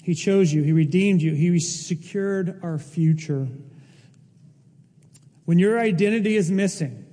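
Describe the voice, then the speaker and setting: Earnest high-voiced preaching pastor, reverberant hall. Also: male voice, a little slow, long pauses, warm tone. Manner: earnest, emotional preaching that rises to emphatic peaks. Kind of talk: sermon.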